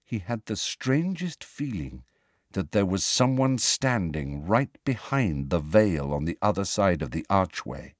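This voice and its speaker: A man narrating a storybook in a hushed, suspenseful way. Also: sits low, big pitch swings, a little slow, dry recording, studio quality. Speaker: audiobook narrator.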